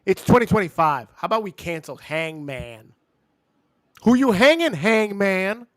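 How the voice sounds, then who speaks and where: A man co-hosting a wrestling review show, ranting in loud, exasperated bursts and mocking people in silly voices. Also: high voice, expressive, a little slow, no echo, studio quality. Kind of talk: ranting casual chat.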